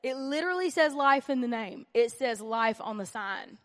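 A woman's voice: high-pitched, normal speed, hardly any pauses, fairly bright tone, big-room sound. A woman teaching a church Bible lesson, earnest and emphatic, who repeats key phrases and drops in humorous asides. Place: church meeting room.

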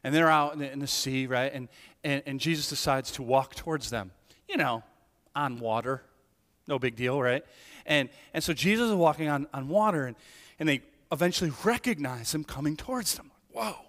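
A man preaching a sermon as a pastor, animated, moving between hushed lines and emphatic peaks, with many restarts and asides. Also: on the high side, moderate pace. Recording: hall reverb.

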